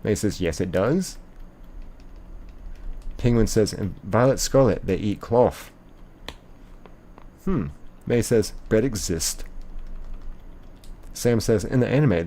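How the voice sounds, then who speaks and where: A man's voice: lowish voice, expressive, unhurried, pauses often, warm tone. A young man streaming live, casually reading chat messages aloud and rambling with lots of ums and likes.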